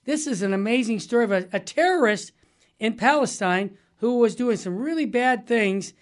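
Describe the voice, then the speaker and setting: A woman's voice: fairly high pitch, expressive, normal speed. A woman co-hosting a talk show who speaks with an enthusiastic, exclamatory manner. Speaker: show co-host. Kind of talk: lively broadcast talk-show chat.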